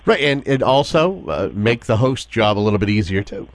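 A male interview host who halts often between words as he introduces each topic. His pitch moves about in a lively way. The recording is dry and close, with no room sound. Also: dry recording. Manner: halting, with many "uh"s and repeated words. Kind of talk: interviewing an author.

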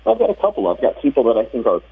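A man's voice: mid-range voice, wildly swooping pitch, rapid-fire, vocal fry, slightly rough. A man being interviewed as a guest who is a professional speaker. He talks energetically and at length, often restarting his sentences. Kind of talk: interview over the phone. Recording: tinny phone line.

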